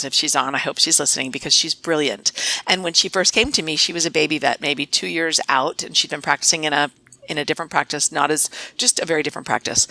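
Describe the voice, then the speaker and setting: Woman, veterinarian guest, emphatic, bright forceful voice, dry close sound. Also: deep voice, no echo. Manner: emphatic, acts out quoted phone talk. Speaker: veterinarian and practice owner, guest. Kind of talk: podcast interview.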